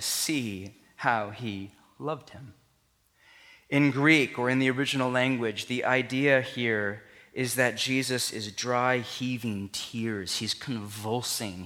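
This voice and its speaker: A pastor preaches in an earnest, conversational style, his medium-pitched voice pushed and bright as it rises for emphasis. The long reverb of a large hall surrounds him.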